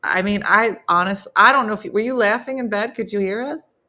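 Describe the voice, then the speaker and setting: A woman's voice: medium pitch, fairly quick, pushed and bright. A middle-aged woman hosting a casual live morning chat, laughing often and talking playfully to her viewers. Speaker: host of a live morning show.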